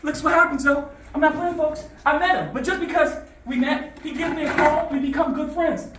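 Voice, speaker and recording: A man giving a motivational talk to students, telling stories in a lively call-and-response way. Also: extremely high pitch, brisk. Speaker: motivational speaker. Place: school classroom. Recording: echoey room from far off.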